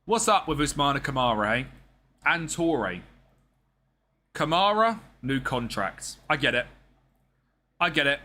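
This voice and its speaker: A man's voice: a little high, very animated, unhurried, pauses often, bright, forceful tone. A man giving casual, slangy gameplay commentary and talking back to the characters on screen. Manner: chatty, slangy, talks to the game characters. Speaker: gaming streamer.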